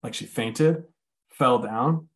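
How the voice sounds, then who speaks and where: A man's voice: medium pitch, slow pace. Candid man telling a hard story. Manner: candid, swears freely, many "like" fillers. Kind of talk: casual storytelling chat.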